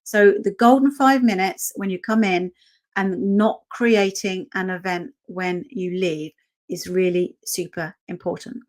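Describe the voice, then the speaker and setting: A woman's voice: mid-range voice, fairly even intonation, a little slow. Woman, dog trainer, runs a casual online workshop, keeps asking "okay?". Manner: conversational, checks in with "okay?" often.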